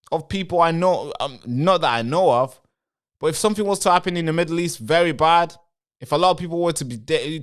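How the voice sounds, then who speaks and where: A man's voice: fairly high pitch, clean tone. A man hosting a live stream, talking straight to his viewers in a rambling way and answering chat comments. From Britain.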